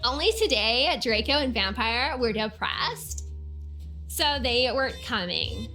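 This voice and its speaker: A woman's voice: a little high, very animated, unhurried, pushed and bright, faint music behind. A young woman giving a comedic dramatic reading, giggly and mock-dramatic, with swearing asides. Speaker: reader.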